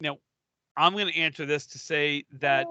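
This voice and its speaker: A man's voice: on the high side, fairly even intonation, normal speed, pushed and bright, no room sound, lo-fi sound. A man co-hosting a podcast, bantering casually in an exasperated, joking way. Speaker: podcast co-host.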